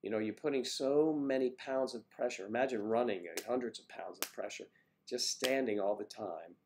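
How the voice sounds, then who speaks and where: An older man hosting a casual livestream, chatting warmly with viewers by name and rambling through stories. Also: mid-range voice, moderate pace, a little hiss or hum. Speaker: livestream host reading viewer comments. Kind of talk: casual chat.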